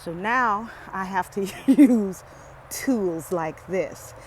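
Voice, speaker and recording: A vlogger walking a wooded lakeside trail chats humorously to her viewers while filming on a handheld phone, out of breath. Her voice is medium-pitched and extremely slow, with a little hiss or hum on the audio.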